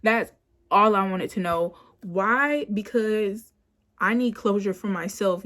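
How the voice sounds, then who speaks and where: A woman in her twenties telling a personal story in a casual, rambling way, full of "like" and "you know", recorded on a phone camera at home. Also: medium pitch. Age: 20s. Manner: animated when quoting herself. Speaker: vlogger.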